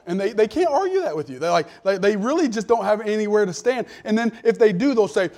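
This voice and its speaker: A middle-aged man preaching a sermon, telling a story, then building to loud, emphatic points. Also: high-pitched, sing-song, brisk. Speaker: pastor.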